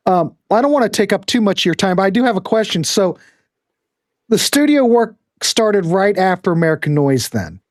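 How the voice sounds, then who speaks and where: A man hosting a casual interview, asking quick, chatty questions. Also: high-pitched, sing-song, no echo, studio quality. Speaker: host.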